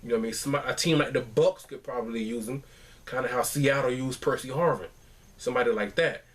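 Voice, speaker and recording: A man talking through a football game at home in a loose, rambling way. He sounds exasperated and keeps restarting his sentences. His pitch sits in the middle of the range. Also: fairly quick. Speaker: fan commentator. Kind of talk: casual sports recap.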